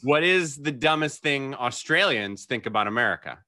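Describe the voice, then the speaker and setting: A man interviews an athlete in a light, teasing manner. His voice is bright and forward, and it rises and falls freely as he jokes. His pitch sits in the middle for a man. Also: lively intonation, normal speed. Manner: playful, teasing. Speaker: sports network interviewer. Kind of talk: casual interview.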